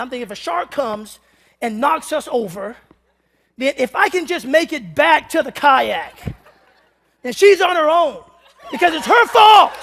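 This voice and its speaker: A man preaching a humorous sermon, telling a comic story with animated delivery and sudden shouts. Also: very high-pitched. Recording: long reverb of a large hall.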